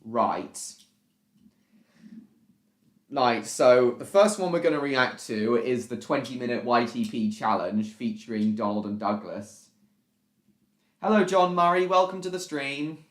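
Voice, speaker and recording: A man's voice: medium pitch, a little slow. A man hosting a casual reaction live stream, rambling and repeating himself as he greets viewers in the chat. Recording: echoey room.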